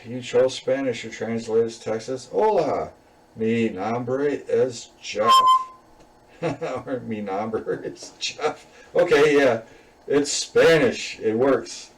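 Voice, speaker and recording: A man talks through his coding assignment in a loose, easygoing way, full of "um"s, "you know"s and little laughs. His voice sits at an ordinary middle pitch and sounds a bit distant from the microphone. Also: slight background noise. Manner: relaxed, rambling, many fillers and chuckles. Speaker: student presenting a class assignment. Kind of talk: casual screen-recorded code walkthrough.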